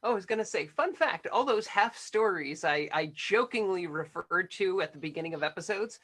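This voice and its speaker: A woman from Florida chatting on a video call panel, telling stories with animated, wry humor. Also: fairly low pitch, normal speed. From Florida, USA. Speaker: guest game developer. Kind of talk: casual panel chat.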